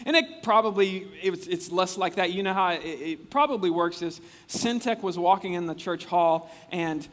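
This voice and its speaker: High-voiced man preaching in a big hall. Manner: animated, chatty, acts out quotes with frequent restarts. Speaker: pastor. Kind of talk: conversational sermon. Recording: long reverb of a large hall.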